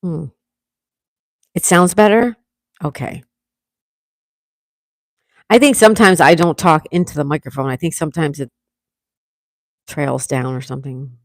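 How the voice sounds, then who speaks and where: A congested woman hosting a relaxed livestream at home, chatting and reading out viewers' comments. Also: low-pitched, measured pace, pauses often, no echo. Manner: relaxed, chatty, laughs often. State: congested, coughing. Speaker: livestream host.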